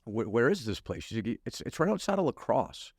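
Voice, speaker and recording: A man's voice: mid-range voice, a little fast, breathy edge, no room sound. A middle-aged pastor from Wisconsin tells his story with a voice that swings up and down. He laughs easily and acts out the people in it. The sound is dry and close. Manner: animated, laughs often, acts out dialogue. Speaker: guest pastor. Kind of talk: storytelling testimony.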